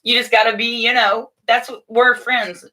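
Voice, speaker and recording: A middle-aged woman hosting a casual morning livestream, chatting warmly and motherly with viewers from a room at home, with frequent restarts. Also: on the high side, little pitch movement, normal speed. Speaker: livestream host. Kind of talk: casual live chat to viewers.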